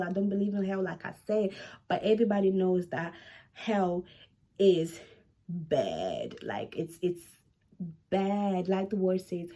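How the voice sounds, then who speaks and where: A woman in her twenties talking casually to camera in a home vlog, animated and chatty, repeating herself for emphasis. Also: mid-range voice. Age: 20s. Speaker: vlogger.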